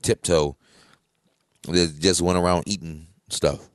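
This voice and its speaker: A man as co-host of a casual podcast, giving short low-key replies. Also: fairly even intonation, slow pace, no room sound, clean studio sound.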